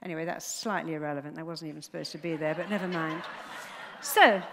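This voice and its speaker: A woman giving a motivational talk on stage, an animated storyteller who acts out the voices in her stories. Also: deep voice, fast, a little hiss or hum. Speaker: motivational speaker. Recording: long hall reverb.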